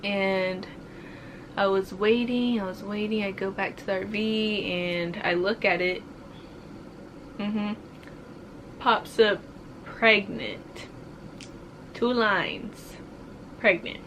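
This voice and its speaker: A woman's voice: mid-range voice, fairly even intonation, fairly bright tone, slight background noise. A young woman casually telling a personal story to camera, full of fillers and growing emotional. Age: young adult. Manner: slow, emotional, many fillers like "like". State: currently pregnant. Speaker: vlogger.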